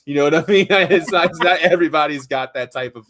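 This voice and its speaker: A man's voice: on the high side, quick pace, fairly bright tone, slight background noise. A man from Louisiana with a light Louisiana accent, talking animatedly in a casual live video chat, laughing often and slipping into playful voices.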